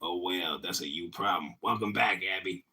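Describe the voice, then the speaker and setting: A male podcast host who reads slowly and deliberately, then teases crudely. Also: sits low, sharp tone, distant mic. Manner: slow, deliberate reading; profane teasing. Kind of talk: poetry reading and crude banter.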